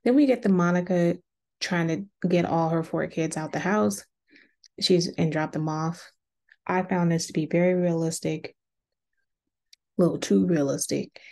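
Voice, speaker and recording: Chatty woman host with a dark, gravelly voice for a reality TV recap. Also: on the low side, a little slow, pauses often. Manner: chatty, acts out quotes in a lively voice. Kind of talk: casual recap commentary.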